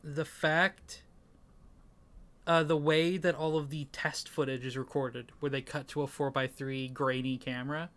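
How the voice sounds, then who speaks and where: A man chatting on a casual film podcast, his voice sitting a little high for a man. He talks with eager enthusiasm, swears offhandedly and often leaves sentences hanging as he hunts for the word. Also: little pitch movement, unhurried, a bit bright. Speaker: podcast co-host. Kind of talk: casual movie review chat.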